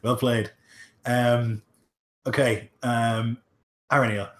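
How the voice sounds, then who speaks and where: A man's voice: medium pitch, little pitch movement, slow pace. Male game master, chatty and filler-heavy, recorded in an echoey room. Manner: loose, chatty, lots of fillers and laughs. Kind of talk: running a tabletop game.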